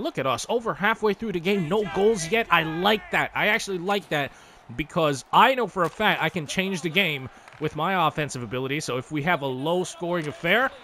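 A man giving excitable, casual commentary over a hockey video game, swearing freely and talking to the players on screen. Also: on the high side, a little hiss or hum. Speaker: gaming YouTuber. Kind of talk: live gameplay commentary.

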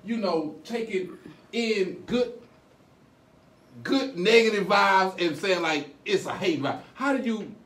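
Chill guy host, kinda high voice, echoey room, sounds far from the mic. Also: takes it slowly, fairly bright tone. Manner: laid-back, repeats words, slangy questions. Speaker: radio show host. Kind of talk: casual interview.

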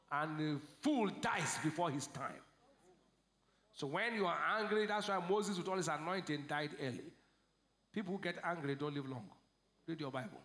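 Nigerian male pastor, high voice, call-and-response sermon, roomy hall. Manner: call-and-response preaching, swings from shouts to low asides. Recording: echoey church hall.

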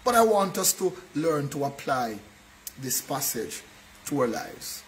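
A man's voice: a little high, sing-song, a little slow, slight background noise, poor audio. A man, preaching a sermon in church in an earnest way and often checking in with his listeners by asking whether they follow. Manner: earnest preaching, keeps checking in with a tag question. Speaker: pastor.

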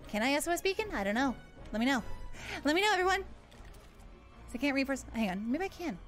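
A woman's voice: sits high, lively intonation, a little fast, soft background music. A woman streaming a game, chatting casually with her viewers in a playful, giggly way with mock panic. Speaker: VTuber streamer. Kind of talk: casual gameplay livestream.

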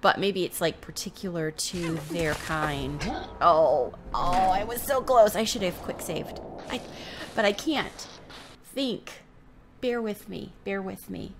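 A woman's voice: fairly low pitch, slow, over music. A young adult woman giving casual let's-play commentary, gushing and flustered as she plays. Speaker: gameplay host.

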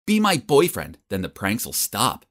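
A man's voice: fairly low pitch, wildly swooping pitch, measured pace, fairly bright tone, exaggerated voice. A man voicing an arrogant, pushy teenage girl who is a popular cheerleader, with a demanding, bossy manner. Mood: indignant.

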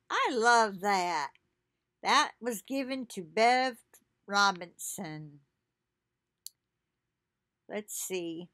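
A woman reading devotional messages aloud at home in a slow, earnest way, breaking off for chatty asides. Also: mid-range voice, a bit bright, no room sound, studio quality. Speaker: devotional video host.

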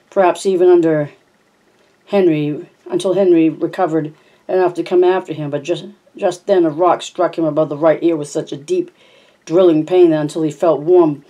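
A homemade audiobook narration at a middle pitch with a warm, dark tone. The reader trips over words now and then and backs up to fix them. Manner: frequent stumbles and self-corrections. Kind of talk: reading a novel aloud.

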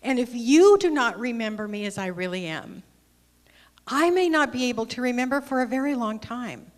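A woman voicing a loving friendly soul in a storybook reading, speaking softly and solemnly into a handheld microphone. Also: animated, normal speed, natural voice. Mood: hushed. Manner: bright, then low and solemn. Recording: long hall reverb.

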